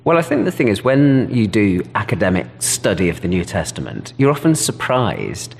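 A man's voice: on the low side, big pitch swings, normal speed, creaky, in a large hall, slight background noise. A British man, a Bible scholar, explaining history thoughtfully and enthusiastically in an interview. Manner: thoughtful, enthusiastic, self-correcting. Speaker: New Testament scholar, interview guest.

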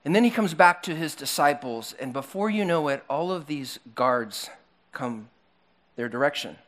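Animated male pastor telling a story. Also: fairly high pitch, moderate pace. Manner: animated storytelling with acted-out voices. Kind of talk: sermon. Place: church hall with slides on a screen.

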